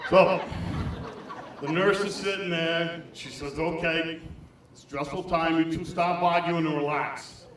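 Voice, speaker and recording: High-voiced man doing crude stand-up. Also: fairly even intonation, unhurried, a bit bright, a little hiss or hum. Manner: crude, rambling storytelling. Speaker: stand-up comedian. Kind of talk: stand-up comedy set. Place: small club stage. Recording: echoey club heard from far off.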